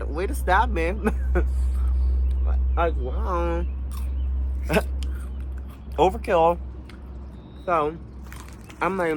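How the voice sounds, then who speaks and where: A young man in a casual storytime vlog, animated and slangy, swearing freely and jumping into high exclamations. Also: takes it slowly, long pauses, a little hiss or hum. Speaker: vlogger.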